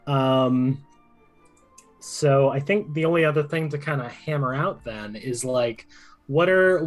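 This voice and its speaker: Man rambling through a game setup. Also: medium pitch. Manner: rambling, many fillers and restarts. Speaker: game player and host. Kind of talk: casual tabletop character creation.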